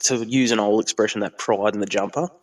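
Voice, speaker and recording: An Australian man calling in to a talkback show, giving earnest, measured opinions. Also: lowish voice, fairly even intonation. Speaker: caller. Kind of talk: talkback call.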